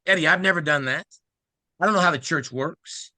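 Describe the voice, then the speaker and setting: A middle-aged man from Ohio tells his story as an interview guest, quick and excited, slipping into other people's voices for quoted lines. His voice is higher than most men's and very bright, recorded close and dry with no room echo. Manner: excited, acts out quoted speech, fast asides.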